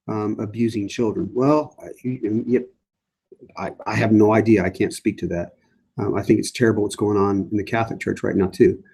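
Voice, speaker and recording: A man's voice: lowish voice, mellow. A middle-aged man, a priest, leading a casual Bible study and answering viewer questions with frequent fillers and restarts. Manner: conversational, many fillers and restarts.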